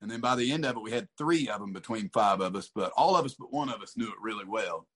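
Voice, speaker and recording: A man's voice: lowish voice, animated, quick pace, fairly bright tone. A man as a guest in a casual chat, easygoing, swearing and calling people dude and buddy.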